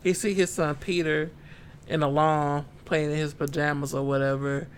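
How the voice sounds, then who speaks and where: On a casual book-club podcast, a male co-host retells a story in laid-back slang and voices the characters' lines. His fairly high voice keeps a level tone at a moderate pace, with slight background noise.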